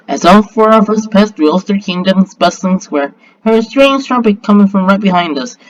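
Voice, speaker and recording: Brief: male amateur storyteller, steady plain narration, dry close mic. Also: high voice, fairly quick, dry recording, low-quality recording. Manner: plain, steady, with small slips. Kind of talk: amateur reading of own story.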